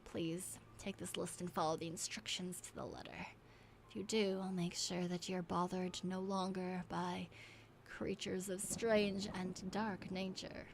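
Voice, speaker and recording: A zealous island cultist speaks in a low, hushed, half-whispered voice, slow and solemn throughout. A woman voices the part while reading game dialogue aloud. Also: level tone, vocal fry, a little hiss or hum. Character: fervent island cultist preaching doom.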